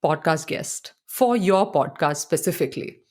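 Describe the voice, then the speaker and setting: A woman's voice: low voice, animated, a little slow, a little mellow. A woman interviewing a podcast guest, asking questions in a curious, enthusiastic way.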